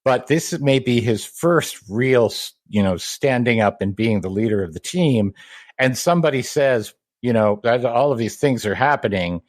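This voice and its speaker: A man with a lively, swooping voice, chatting enthusiastically as a podcast co-host. He explains comic book trivia eagerly. His voice is dry and close to the mic. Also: medium pitch, normal speed, no room sound. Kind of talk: casual comic-book chat.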